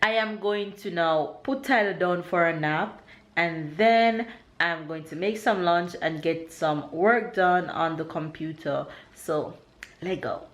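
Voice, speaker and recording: Slow, chatty Jamaican mom vlogging. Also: female voice. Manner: chatty and relaxed, often laughing, jumps very high when excited. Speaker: vlogger, mother. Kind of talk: casual home vlog to camera. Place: at home indoors.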